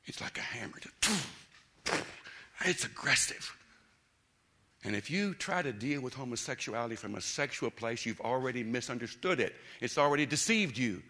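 A man preaching a sermon, emphatic, dropping to quiet intensity and rising to loud bursts. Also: mid-range voice, lively intonation, normal speed.

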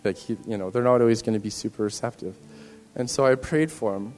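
A man's voice: on the low side, fast talker, darkish tone, big-room sound, soft background music. A man in a church giving an earnest, rambling personal testimony to the congregation, often restarting his sentences. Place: church hall.

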